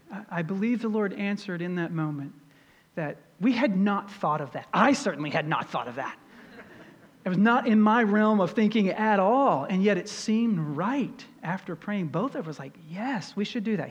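A middle-aged man preaching a sermon as pastor, earnest and storytelling, rising in pitch and volume for emphasis. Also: animated, normal speed, long reverb tail, dull audio.

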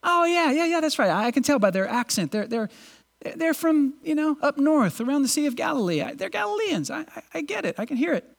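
A preacher lifts the voice into a group of puzzled religious leaders, musing and halting as they work something out. The voice climbs high and stumbles over itself. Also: sing-song, creaky, heavily acted. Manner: musing, halting, higher-pitched put-on voice. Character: puzzled religious leaders, men, reasoning aloud.

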